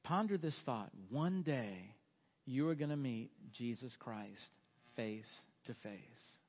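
A man's voice: medium pitch, expressive, slow pace, highs cut off. A middle-aged man preaching a sermon, earnest and folksy, pressing his listeners with questions. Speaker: pastor.

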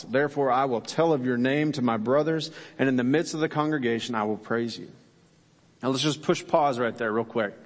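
A man's voice: mid-range voice, big-room sound. A male pastor preaching a sermon, earnest and emphatic, asking his listeners rhetorical questions.

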